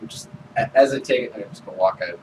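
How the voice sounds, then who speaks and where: A man's voice: on the low side, fast talker. A man playing a tabletop game, speaking hesitantly and repeating words. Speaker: player. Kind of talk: casual tabletop play. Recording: distant mic with clear noise.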